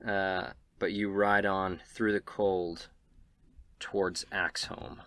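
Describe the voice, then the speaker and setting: A man narrating a tabletop game as game master, relaxed and halting with frequent fillers. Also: low voice, no room sound.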